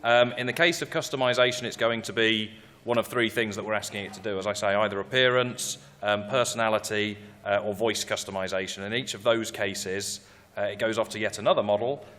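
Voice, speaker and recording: A man's voice: on the low side, fairly even intonation, fairly quick, a bit bright, long reverb tail. A man giving a technical conference talk, explaining step by step with occasional fillers. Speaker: tech presenter.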